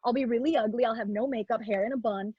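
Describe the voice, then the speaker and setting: Young woman, high husky voice, animated storyteller, slightly dull recording, dry. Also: fast, no room sound. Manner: lively, acts out quoted voices, mixes in Spanish words. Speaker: model telling a personal story.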